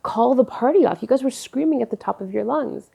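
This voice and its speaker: A woman's voice: fairly high pitch, expressive, brisk, creaky, dark tone, slightly rough, pitched above the performer's own voice, heavily acted. Woman retelling as a baffled boyfriend. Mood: incredulous. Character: exasperated young adult boyfriend, man.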